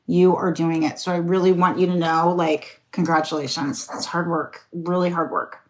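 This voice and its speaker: A woman's voice: on the low side, little pitch movement, moderate pace. A woman doing casual, encouraging tarot readings on a live stream, swearing now and then. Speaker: tarot reader.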